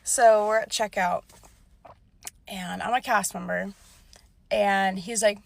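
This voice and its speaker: A woman's voice: medium pitch, fairly even intonation, takes it slowly, creaky, slight background noise. A young woman telling a casual storytime about a bad date, chatty, full of "like" and swearing freely.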